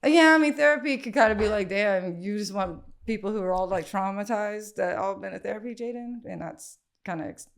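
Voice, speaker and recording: A woman speaking as a podcast guest, candid and blunt in a relaxed chat. Her talk is full of casual fillers. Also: mid-range voice, a little fast, creaky, few pauses.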